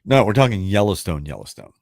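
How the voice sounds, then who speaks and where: A man's voice: fairly low pitch, expressive, fast talker, a little mellow, no room sound. A man hosting a radio show, chatting casually and rambling, then reading out a trivia question. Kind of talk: casual chat and trivia quiz.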